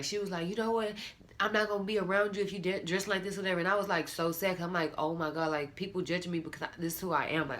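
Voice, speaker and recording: A woman's voice: low-pitched, a bit bright. A young woman candidly telling a personal story, rambling and quoting what people said. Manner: candid, rambling, lots of "like" and quoted dialogue.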